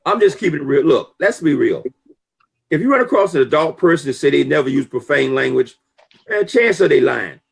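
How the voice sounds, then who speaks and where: A man talking casually and emphatically about business conduct, preachy and full of lively storytelling. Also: on the high side, normal speed, gravelly, husky. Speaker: network marketing talk show guest. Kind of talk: casual motivational talk.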